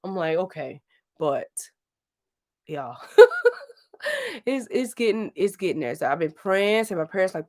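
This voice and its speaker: A woman's voice: on the low side, lively intonation, a little slow, pauses often, darkish tone. A woman in her late thirties from St. Louis, chatting casually and rambling on a livestream, laughing often. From St. Louis, Missouri. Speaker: livestream host. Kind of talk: casual live chat.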